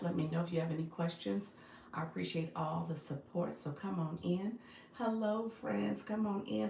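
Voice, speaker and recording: A woman with a low, gravelly voice runs a casual live stream, greeting viewers by name and chatting between frequent laughs. Her phone picks her up in a roomy, echoing space with a faint hum behind her. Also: darkish tone. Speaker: live-stream host and business coach.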